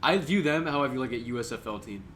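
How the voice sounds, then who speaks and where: Young male podcast co-host, mid-pitched, slangy and jokey, roasting teams, faint background hiss. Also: animated, fast, a bit bright. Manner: joking, roasting, slangy with frequent laughs. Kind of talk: casual sports chat.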